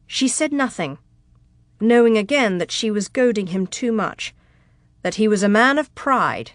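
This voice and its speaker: A woman narrating a romance audiobook in a slow, even, measured way. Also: a little high, no room sound, clean studio sound. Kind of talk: scripted narration.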